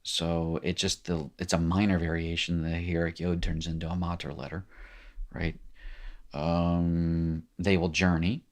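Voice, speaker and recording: A man's voice: low voice, level tone, measured pace. A man teaching a recorded language lesson, explaining patiently with small asides and encouraging the listener. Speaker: Hebrew teacher.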